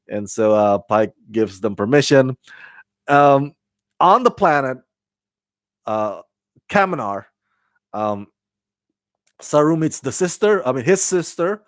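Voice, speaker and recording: Guy reviewing a tv episode, slow rambly talk, lots of um and restarts, laughs at himself, kinda high voice, dry sound. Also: expressive, no room sound. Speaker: TV show reviewer. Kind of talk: casual review chat.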